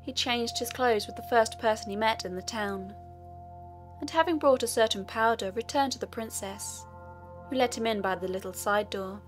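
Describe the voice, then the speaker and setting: A woman narrating a fairy tale audiobook in a steady storytelling manner. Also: a little high, normal speed, faint music behind.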